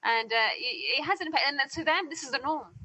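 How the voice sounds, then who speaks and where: A woman's voice: high voice, lively intonation, quick pace, sharp tone, poor audio. A woman hosting an interview, speaking casually and hesitantly with many fillers and restarts. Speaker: podcast host and interviewer.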